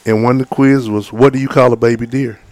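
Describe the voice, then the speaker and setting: A man's voice: mid-range voice, fairly even intonation, fast talker, a little mellow, dry recording. A man, casually telling folksy outdoor stories as a guide and acting out the voices of the people in them. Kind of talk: casual storytelling chat.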